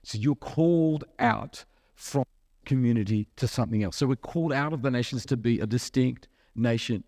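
A man preaches in a relaxed, conversational manner, asking the congregation questions and slipping into acted-out asides. His voice sits at an ordinary middle pitch, and the recording is close and dry with little room sound. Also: moderate pace, no room sound. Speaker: pastor. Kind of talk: sermon.

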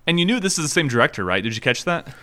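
Male podcast co-host from Minnesota, 30s: animated, lively pitch, quick to laugh, casually profane. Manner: laughs often, swears, animated. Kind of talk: casual chat.

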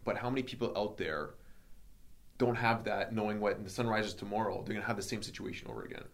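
A man with a low-pitched voice recounts a personal story in a relaxed podcast chat. He talks animatedly, acting out what others said, with plenty of ums and likes. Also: fast talker. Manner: animated, reenacts dialogue, many fillers. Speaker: podcast host telling his story.

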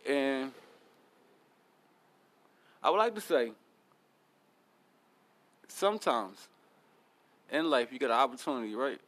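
A man's voice: mid-range voice, a bit bright. A young man hosting a podcast, talking casually in a blunt, profane, motivational way. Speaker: podcast host.

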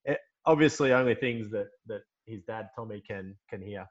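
A man's voice: fairly low pitch, normal speed, dull audio. A man hosting a podcast interview, dropping short encouraging interjections. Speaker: podcast host.

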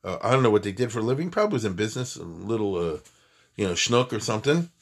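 Guy lecturing, rabbi vibe, excited asides, keeps restarting sentences. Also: lowish voice, fast. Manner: animated, emphatic, conversational with many asides and restarts. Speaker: rabbi teaching Jewish history. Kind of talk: lively class talk, storytelling.

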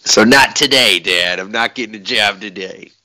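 A man's voice: fairly low pitch, moderate pace, sharp tone. A young man co-hosting a podcast in casual chat, laid-back, swearing often and laughing a lot. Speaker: podcast co-host.

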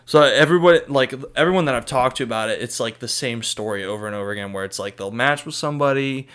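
A man's voice: mid-range voice, fast, a bit bright, smooth. A man co-hosting a podcast, telling a story in laid-back casual chat with lots of fillers. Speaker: podcast co-host.

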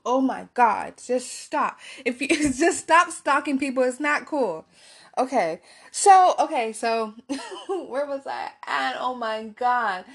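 A woman telling a personal story to her viewers in a casual, rambling way, swearing freely and filling her talk with "like" and "right?". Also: high-pitched. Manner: candid, profane, rambling with many fillers.

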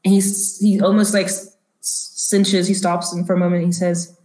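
A woman's voice: mid-range voice, level tone, mellow. Woman game master in a roomy space. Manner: halting, full of restarts and fillers. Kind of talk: narrating a tabletop game. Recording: roomy echo.

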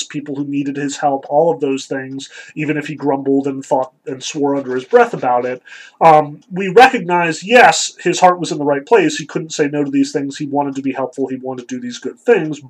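Husky man lecturing on a text. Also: on the high side, poor audio. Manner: thoughtful, explanatory, with frequent ums and likes. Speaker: literature lecturer. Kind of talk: lecture reading and analyzing a text.

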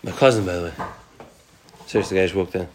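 A man's voice: sits low, fast, a little hiss or hum. A man teaching a casual Talmud class, quoting Aramaic and Hebrew passages and then explaining them in informal, conversational English.

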